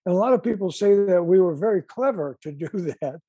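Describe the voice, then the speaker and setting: A man's voice: high-pitched, expressive, a little fast, mellow, breathy edge, dry recording. An older man with a Chicago accent, a guest musician telling stories in a rambling way with many restarts. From Chicago, USA. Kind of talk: casual interview chat.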